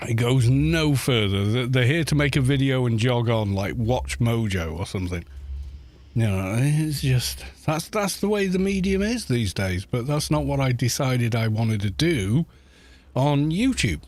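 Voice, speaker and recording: A man of middle pitch rants bluntly through a live game stream, swearing freely and padding his points with "you know". The sound is dry and close. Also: expressive, a little slow, a little mellow, no room sound. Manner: rambling with frequent "you know". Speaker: gaming YouTuber streaming. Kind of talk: casual live-stream commentary while playing.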